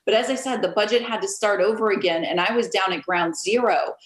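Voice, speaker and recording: A woman realtor, a guest on an interview, telling stories in a lively casual way and acting out what others said, over a video call. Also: mid-range voice, brisk, echoey room, poor audio. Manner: animated, storytelling, acts out quotes.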